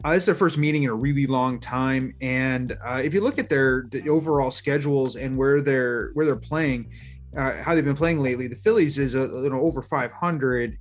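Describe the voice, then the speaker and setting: A man co-hosting a sports betting podcast, rambling through his picks in a chatty way with restarts. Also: medium pitch. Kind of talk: casual chat.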